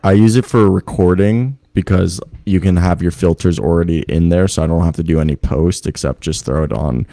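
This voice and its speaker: A man's voice: low-pitched, fairly quick, hardly any pauses, mellow, dry recording. A young man co-hosting a podcast in casual, rambling chat, joking, laughing often and swearing, recorded over a remote streaming call. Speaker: podcast co-host. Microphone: remote video call streaming setup.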